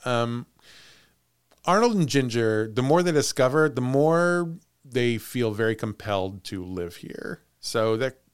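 A man's voice: mid-range voice, expressive, unhurried, smooth. A man hosting a podcast, telling a haunted-house story in casual chat. He laughs often and trails off into restarts.

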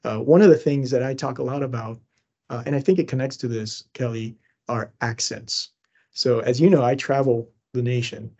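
Man, middle-aged, from Cuba, educator, podcast guest, earnest, emphatic, husky voice. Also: mid-range voice, moderate pace, dull audio. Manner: earnest, grows emphatic and animated when making a point. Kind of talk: conversational podcast interview.

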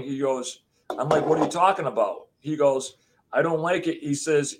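A man from the USA, a guest on an interview show, telling his story in a rambling, animated way and acting out what people said. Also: a little high, measured pace, long pauses, slight background noise. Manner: rambling, acts out quotes, swears.

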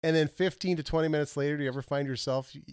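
A man co-hosting a casual podcast, animated and quick to laugh. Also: on the high side, clear, resonant tone, no room sound, studio quality. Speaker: podcast co-host. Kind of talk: casual chat.

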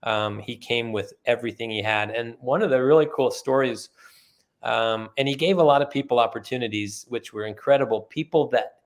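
Middle-aged male guest, earnest storyteller, mid-pitched voice, voices the people in his tale. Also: fairly quick. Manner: earnest storyteller who acts out quoted dialogue. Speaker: podcast guest. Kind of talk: storytelling in conversation.

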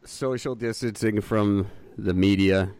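A man's voice: lowish voice, fairly even intonation, unhurried, a little mellow, clean tone, dry recording. A man co-hosting a podcast in casual chat, giving dry, short replies and agreeing with his co-host.

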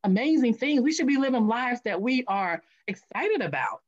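Lively woman guest, storytelling, muffled lo-fi recording. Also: a little high, moderate pace. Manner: animated, acts out her own past voice. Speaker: guest, author. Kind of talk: interview storytelling.

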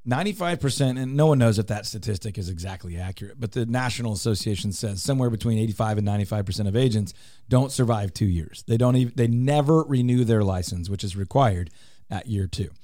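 A man's voice: on the low side, quick pace, warm tone, dry recording. A man hosting a radio show in a studio, talking in an upbeat, teasing, salesy way. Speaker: radio show host and real estate team leader. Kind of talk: casual radio talk.

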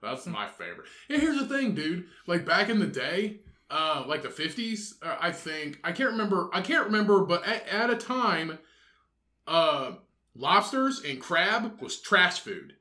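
Podcast co-host, male, high and lively voice, rambling jokey delivery. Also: a little slow, echoey room. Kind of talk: casual chat.

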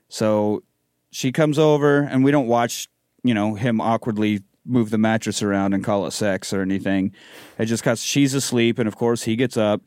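A man recapping a movie in casual chat, profane and animated, acting out characters' lines as he goes. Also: on the low side, dry recording, clean studio sound. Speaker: podcast host.

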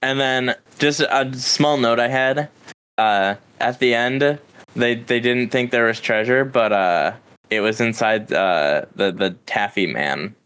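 A man co-hosting a podcast in casual chat, hesitant and pausing often on "uh". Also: mid-range voice, a bit bright, smooth. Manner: hesitant, many "uh" pauses. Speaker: podcast co-host.

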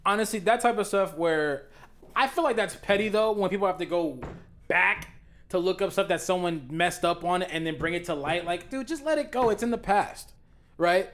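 A young man with a high voice co-hosting a casual podcast. He argues with animated emphasis, repeats phrases for effect and swears freely. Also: moderate pace. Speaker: podcast co-host. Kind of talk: casual debate chat.

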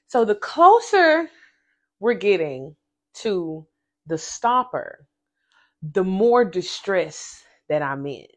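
A woman hosting a casual faith podcast, telling a personal story with animated, emphatic repetition and speaking straight to her listeners. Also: medium pitch, slow pace, pauses often. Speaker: podcast host.

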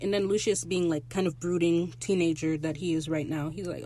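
Recap host: excitable, profane, wandering asides, casual delivery. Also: medium pitch, brisk, hardly any pauses.

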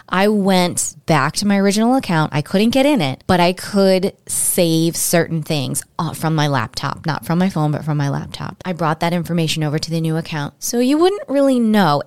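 A woman's voice: lowish voice, smooth, no echo. Emotional woman podcaster, dry close sound. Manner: candid, emotional, animated storytelling. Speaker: podcast host. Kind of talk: personal storytelling monologue.

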